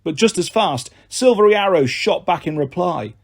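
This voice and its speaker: A man narrating a fantasy novel in an expressive storytelling voice. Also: high voice, moderate pace. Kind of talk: audiobook narration.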